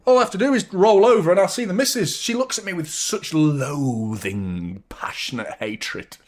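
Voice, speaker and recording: Excitable, swearing football fan. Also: male voice, a little high, normal speed. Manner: swears freely, rambling and excitable, reads chat comments aloud. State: drained. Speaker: football watchalong host. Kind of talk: casual live-stream chat.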